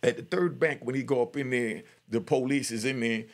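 A man's voice: mid-range voice, fairly quick. An older man telling a true story in a casual, streetwise way, often checking in with "you know what I mean". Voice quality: gravelly.

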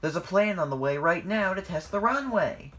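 A man's voice: high voice, expressive, moderate pace, fairly bright tone, voice pushed up. A man voicing an upbeat male railway workman. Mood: chipper.

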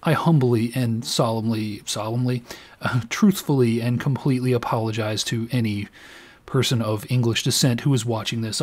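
A tipsy man giving rambling, self-mocking let's play commentary. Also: mid-range voice. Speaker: game commentator.

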